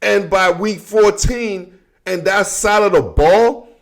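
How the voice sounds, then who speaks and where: A man's voice: sits high, takes it slowly, vocal fry. A man giving a casual, heated football rant to his camera, talking bluntly in slang and tagging his sentences with "man" and "bro". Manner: repetitive filler like "man" and "bro". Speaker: football commentator.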